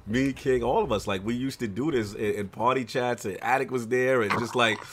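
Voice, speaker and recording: A man hosting a casual podcast interview, encouraging his guest with quick affirmations. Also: mid-range voice, noisy background. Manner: supportive, frequent backchannel. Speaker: podcast host.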